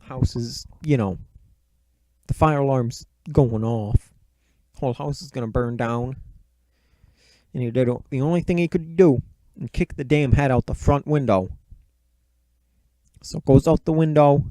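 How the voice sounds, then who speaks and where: A man's voice: medium pitch, a little slow, long pauses, warm tone, dry recording. A man casually recapping a movie plot in a rambling, profane, offhand way. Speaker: movie reviewer.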